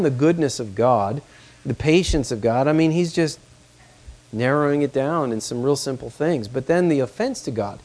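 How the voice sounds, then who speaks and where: A man's voice: mid-range voice, darkish tone. A man preaching a sermon, reading scripture aloud and pressing his points with emphasis. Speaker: pastor.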